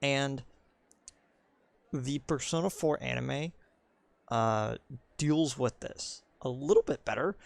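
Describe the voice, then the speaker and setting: A man's voice: medium pitch, slow, vocal fry, pauses often, no room sound. A young man giving casual commentary while streaming a video game, rambling and full of ums and likes.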